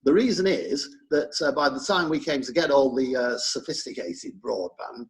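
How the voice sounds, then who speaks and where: An English man co-hosting an opinion chat, conversational, telling stories with halting restarts. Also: medium pitch, expressive, low-quality recording. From England. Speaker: co-host.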